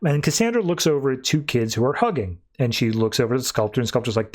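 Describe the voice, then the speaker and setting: A man hosting a podcast, casually recapping a comic book with animated storytelling. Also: medium pitch, quick pace, hardly any pauses. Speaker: podcast host.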